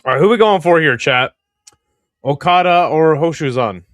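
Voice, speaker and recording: Young male streamer, casual play-by-play, slangy and chatty, very animated pitch, dry close-miked sound. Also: moderate pace, dry recording. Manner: laid-back, slangy, chats with viewers between bouts. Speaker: live stream host. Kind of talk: casual live reaction and play-by-play.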